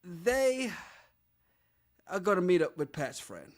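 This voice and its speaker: Male podcast co-host, high and animated voice, laughs a lot, reads listener comments. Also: slow pace. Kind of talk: casual chat.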